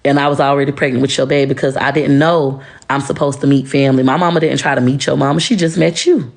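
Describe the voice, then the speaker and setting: Gravelly, profane woman ranting. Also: low voice, fairly even intonation, quick pace, few pauses. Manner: profane, confrontational, blunt; lecturing, emphatic. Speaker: social media personality. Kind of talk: ranting to-camera monologue.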